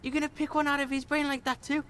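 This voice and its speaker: A woman's voice: high voice, level tone, quick pace, over a noisy crowd, natural voice. A woman voicing a brash, foul-mouthed young street boy in a video game who swears and talks about himself in the third person. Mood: cocky.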